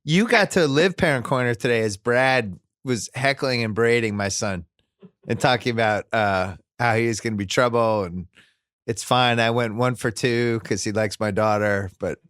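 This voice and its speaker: Middle-aged male host, mid-pitch, bantering about parenting with wry exasperation. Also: moderate pace, fairly bright tone, smooth, dry recording, clean studio sound. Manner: joking, exasperated parent stories. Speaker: podcast host. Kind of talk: casual chat.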